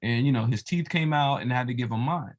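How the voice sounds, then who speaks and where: A man's voice: medium pitch, fast, close to an everyday voice. A man voicing a proud male elephant who teases his wife to make her notice what he gave up, in a storytold folk tale. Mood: explaining. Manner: teasing, fishing for notice.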